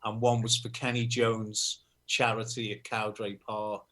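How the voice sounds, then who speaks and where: A man from Liverpool with a Liverpool accent, a musician guest telling anecdotes in a relaxed, self-deprecating way. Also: fairly low pitch, measured pace. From Liverpool, England. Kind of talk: casual interview chat.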